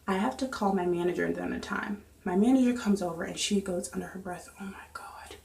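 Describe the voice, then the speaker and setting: A young woman vlogger chatting through a storytime in an animated, lively way. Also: medium pitch, fast, creaky. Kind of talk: storytime vlog. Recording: echoey room.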